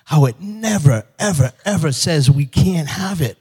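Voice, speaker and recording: A man telling a parable in a slow, animated storytelling sermon. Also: on the high side, breathy edge. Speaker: speaker. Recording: hall reverb.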